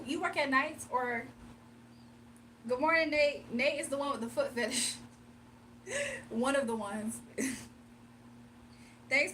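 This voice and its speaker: A high-pitched woman hosts a laid-back livestream, chatting to viewers and breaking into frequent laughs. She sits a little back from the mic, and a faint hum runs underneath. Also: bright, forceful tone, far from the mic. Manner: chatty, laughs often, talks straight to chat. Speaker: livestream host. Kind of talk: casual livestream chat with viewers.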